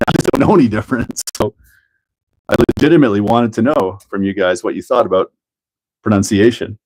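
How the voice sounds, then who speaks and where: A man's voice: fairly low pitch, fairly quick, a little mellow. A man hosting a casual hobby livestream, chatting and laughing while he builds a model car and greets viewers by name. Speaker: livestream host.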